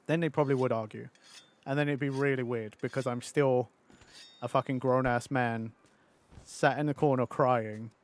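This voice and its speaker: A man in his thirties chatting loosely while he streams a game. He rambles and mocks himself, swears freely and laughs a lot. His pitch sits in an ordinary middle range. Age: 30s. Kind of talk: casual live-stream chat.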